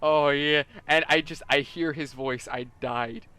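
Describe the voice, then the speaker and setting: A man's voice: medium pitch, unhurried, bright, forceful tone. A man hosting a gaming video, telling a story in casual chat with lots of laughter and voiced quotes. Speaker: let's play host.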